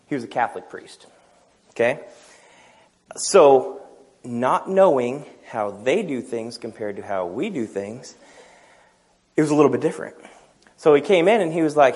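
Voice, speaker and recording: A man preaching a sermon through a personal story, acting out each exchange and laughing at his own moments. His voice sits in an ordinary middle pitch. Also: expressive, normal speed, long pauses, a little mellow.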